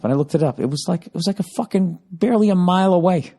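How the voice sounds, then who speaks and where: A man's voice: on the high side, fast, hardly any pauses, mellow. A man hosting a podcast, telling a comedic story in a profane, ranting way. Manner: profane, ranting, heavy swearing. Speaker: podcast host.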